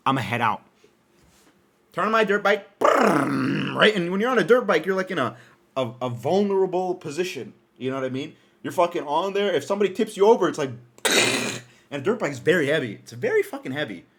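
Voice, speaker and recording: A young man from Canada hosting a podcast, telling a story in a casual monologue with lots of swearing, laughter and sudden jumps in pitch. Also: big pitch swings, fast. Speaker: podcast host.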